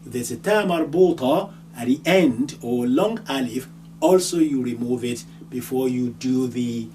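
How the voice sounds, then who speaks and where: A man's voice: mid-range voice, a little slow, a little mellow. A man teaching a grammar lesson step by step, patiently repeating each word and ending, with a faint hum behind him. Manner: patient, repeats words and endings many times. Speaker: language teacher. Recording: distant mic, faint hum.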